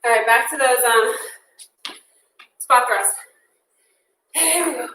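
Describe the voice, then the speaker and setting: A woman's voice: fairly high pitch, slow, sharp tone, slight background noise. A young woman leading an interval workout, counting down and cheering people on while out of breath. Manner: upbeat cueing, counting down and cheering on. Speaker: fitness instructor. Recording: echoey room, mic far off.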